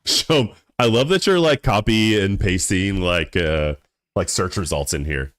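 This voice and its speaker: A man's voice: sits low, lively intonation, measured pace, fairly bright tone, no echo, clean studio sound. A young man streaming a game, chatting casually with his viewers in a laid-back, rambling way that stumbles and repeats words. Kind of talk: casual live-stream chat while gaming.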